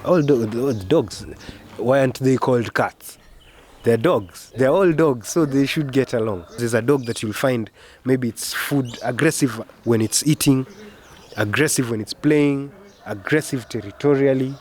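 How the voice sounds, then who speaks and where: A man's voice: medium pitch, measured pace, darkish tone. A man, a dog owner, talking casually in an interview, plain and matter-of-fact, repeating himself for emphasis. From Kenya.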